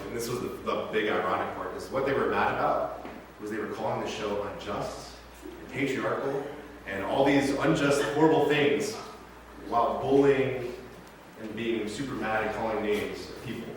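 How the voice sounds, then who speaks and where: A pastor in his thirties tells stories during a relaxed, chatty sermon packed with asides, speaking at a normal pace in a fairly low voice. The mic sits far away in a very echoey church sanctuary, with slight hiss or hum.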